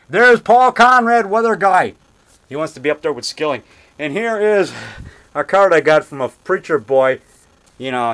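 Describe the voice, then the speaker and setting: A man's voice: medium pitch, a bit bright. A middle-aged man giving an eager, rambling show-and-tell tour of his home basement, jumping from one item to the next. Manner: eager, chatty, jumps from item to item. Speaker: monster movie-maker giving a home tour.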